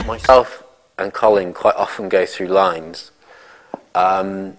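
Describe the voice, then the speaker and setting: A man's voice: deep voice, steady tone, measured pace, big-room sound, faint music behind. A man in an interview casually telling a self-mocking story about himself, with a noisy background. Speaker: actor in an interview. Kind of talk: casual anecdote.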